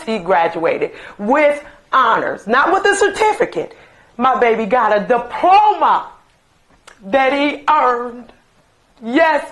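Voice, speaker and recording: Slow-spoken middle-aged mother reminiscing. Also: on the high side, rough recording. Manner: slow, emphatic reminiscing with fond asides. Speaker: mother remembering her late son. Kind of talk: recorded interview, personal storytelling.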